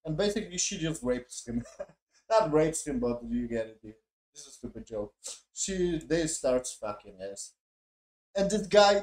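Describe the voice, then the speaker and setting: A man's voice: on the high side, sing-song, a little slow, darkish tone. A man reviewing a show in a profane, mocking, exasperated casual rant. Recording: echoey room.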